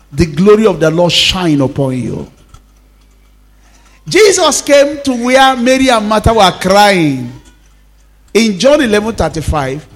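Man, high voice, pastor preaching, call-and-response, repeats lines. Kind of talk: sermon.

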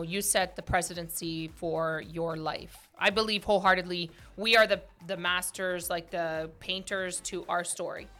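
Loud, passionate woman podcast host. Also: fairly low pitch. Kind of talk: casual chat.

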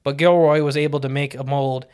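A man's voice: on the high side, fairly even intonation, a little fast, a little mellow, clean tone. A man with a slightly raised voice rambles through cryptid stories in casual podcast chat. He jokes, stumbles and corrects himself as he goes. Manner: rambling, jokey, self-correcting storyteller. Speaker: podcast co-host.

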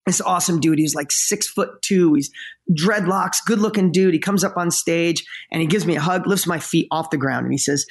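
Energetic male motivational speaker. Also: fairly high pitch, slightly rough. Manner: energetic, emphatic, quick bursts slowing for emotional moments. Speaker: motivational speaker and podcast guest. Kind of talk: conversational storytelling in an interview.

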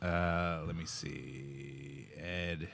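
A man's voice: extremely low pitch, steady tone, extremely slow, creaky, fairly bright tone, breathy edge. A young adult man hosting a podcast, rambling in casual, profane banter and laughing often. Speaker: podcast host.

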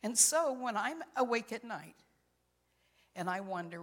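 A woman's voice: fairly high pitch, lively intonation, normal speed, in a large hall. An older woman preaching a sermon in an earnest, personal storytelling manner. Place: church sanctuary.

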